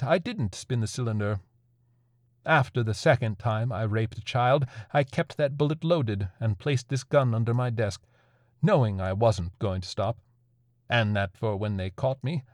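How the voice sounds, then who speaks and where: Brief: a man doing a haunted priest confessing, grim and even, dry close sound. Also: medium pitch, normal speed, dry recording, lightly acted. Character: guilt-ridden grim male priest.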